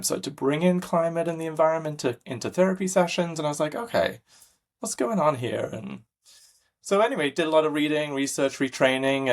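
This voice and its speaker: Podcast guest: middle-aged man, mild British accent, reflective, halting delivery. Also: medium pitch. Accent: flattened British with a slight Boston tinge. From Britain. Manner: thoughtful, with frequent restarts and fillers. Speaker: clinical psychologist guest. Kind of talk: podcast interview.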